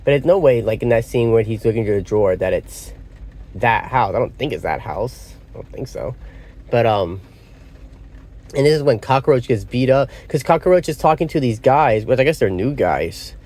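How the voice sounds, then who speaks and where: A man's voice: medium pitch, expressive, normal speed, a little mellow. A man giving a casual spoken film review, rambling and often losing his train of thought. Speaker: movie reviewer. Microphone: phone or small device.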